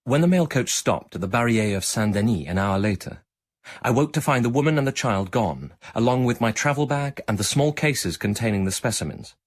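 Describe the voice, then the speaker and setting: A man giving a measured, reflective first-person narration of a radio story. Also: mid-range voice, expressive. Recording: archived radio broadcast.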